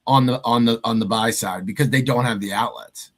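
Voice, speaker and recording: A man hosting a podcast, asking a guest probing questions in a relaxed chat. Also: mid-range voice, a little fast. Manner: probing, affirming interviewer. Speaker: podcast host. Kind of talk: casual interview chat.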